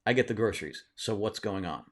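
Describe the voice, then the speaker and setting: A man reading as a calm, patient husband. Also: lowish voice, a little fast. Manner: calm and level, curious rather than angry.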